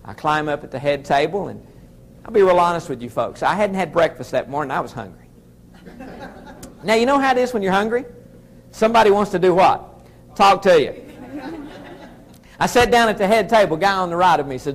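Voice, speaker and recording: Speaking fairly quickly in a high, sing-song voice with a fairly bright tone, this middle-aged Southern American man is a motivational speaker. He addresses an audience with a folksy story in the style of a storytelling keynote.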